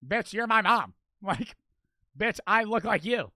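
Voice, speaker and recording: A young man streaming a reaction, ranting loudly and profanely while mocking what he watches. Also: sits high, lively intonation, slow, dry recording. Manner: loud, profane, mocking rants. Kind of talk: crude live-stream reaction commentary.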